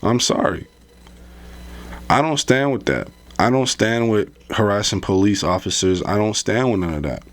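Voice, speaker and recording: A man's voice: fairly low pitch, expressive, normal speed. A man hosting a commentary vlog, talking in a rambling, conversational way and calling his viewers "bro". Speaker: political commentary vlogger.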